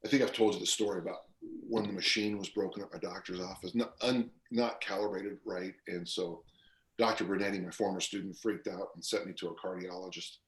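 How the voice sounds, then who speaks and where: A man in his sixties, speaking as a guest on a podcast. His voice sits very low, and he wanders through anecdotes with plenty of fillers and restarts. The recording carries a roomy echo. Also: fairly even intonation, a little fast. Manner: rambling storyteller with fillers and restarts. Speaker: guest strength coach. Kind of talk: casual podcast interview.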